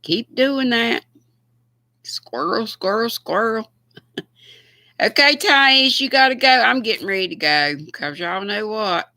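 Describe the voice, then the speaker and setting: Slow folksy older Southern woman. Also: a little high, pushed and bright, no room sound. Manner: folksy, chatty, laughs often. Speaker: livestream host. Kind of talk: casual livestream chat with viewers.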